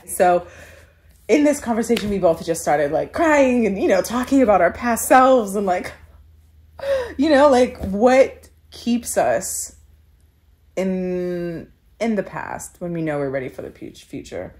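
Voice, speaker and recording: A woman's voice: medium pitch, expressive, measured pace, darkish tone. A woman telling a candid personal story in an interview, earnest and reflective, with many filler "likes". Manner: tearful laughing when moved.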